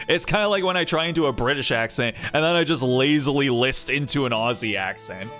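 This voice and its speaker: A man rambles casually while he plays a game, stopping often on fillers and small laughs. His voice sits at an ordinary middle pitch. Faint music plays in the background. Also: expressive, brisk, few pauses, bright, forceful tone. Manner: rambling, chatty, full of fillers and chuckles. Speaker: streamer. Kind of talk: casual gameplay commentary.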